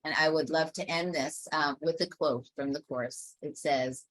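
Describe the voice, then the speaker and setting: A woman hosting an online discussion webinar, telling stories in a lively, laughing way over a video call. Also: sits low, normal speed, few pauses, dry recording, poor audio. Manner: animated, laughing storyteller. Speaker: webinar host. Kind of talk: casual group discussion.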